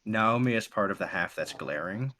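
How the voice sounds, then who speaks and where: A deep-voiced man runs a tabletop game as game master, narrating scenes in a calm, descriptive way. His voice sits low and steady. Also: normal speed.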